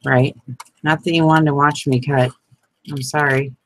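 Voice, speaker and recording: With a bass voice, steady tone and measured pace, a woman crafts envelopes while chatting easily with her audience. She laughs often and calls viewers by name, though the audio is poor.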